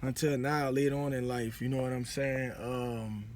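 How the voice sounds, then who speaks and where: This vlogger, a man in his forties with a New Orleans accent, has a medium-pitched, somewhat mellow voice with fairly even intonation and a moderate pace. He gives easygoing life advice into a phone camera, often slipping in "you know what I'm saying," and a bit of background noise can be heard.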